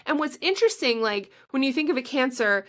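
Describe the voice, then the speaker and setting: A woman co-hosting a casual podcast, her voice sitting a bit higher than most. She gushes as she talks, packs her sentences with "like" and often breaks into a laugh mid-sentence. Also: expressive, a little fast, fairly bright tone. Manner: chatty and gushing, heavy use of "like". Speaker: podcast co-host. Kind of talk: casual chat.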